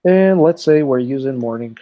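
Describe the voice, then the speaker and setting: A man's voice: medium pitch, lively intonation, normal speed. A man teaching an English class live online, explaining step by step and checking in often with "okay", heard through a computer mic on a video call. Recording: dull lo-fi online call audio.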